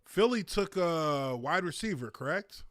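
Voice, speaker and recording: Bright-voiced man muttering on stream. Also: on the high side, measured pace, no room sound, clean studio sound. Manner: muttering to himself, relaxed and profane. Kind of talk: casual livestream chat.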